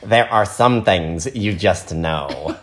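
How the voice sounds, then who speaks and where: A man voicing a smug, nerdy female frog who knows everything, slow and superior in a storybook reading. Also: sits low, expressive, fairly bright tone, slight background noise, heavily acted.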